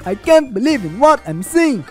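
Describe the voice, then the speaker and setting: A woman voicing a cheerful, boastful young hero in a fan-made game video, excited and playful. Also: high-pitched, normal speed, faint music behind.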